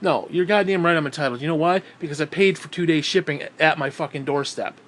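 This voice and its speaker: A high-voiced man rants into the camera, short of breath, swearing constantly as he vents bitterly. His pitch sits well above most men's. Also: fast talker, fairly bright tone. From New York State. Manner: profane, bitter ranting. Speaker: vlogger. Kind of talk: ranting vlog monologue.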